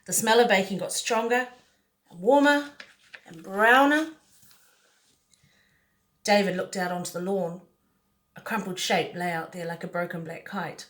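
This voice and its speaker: A woman's voice: medium pitch, measured pace, long pauses, fairly bright tone. A woman reading a picture book aloud, playful, with chatty asides to the listener. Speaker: storyteller.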